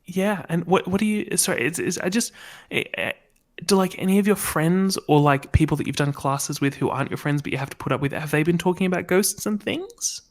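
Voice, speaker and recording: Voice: mid-range voice, close to an everyday voice. A player doing a fumbling, nervous young woman. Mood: awkward. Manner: halting, rambling, full of fillers. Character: awkward nervous young woman student investigator. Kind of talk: tabletop role-play in character.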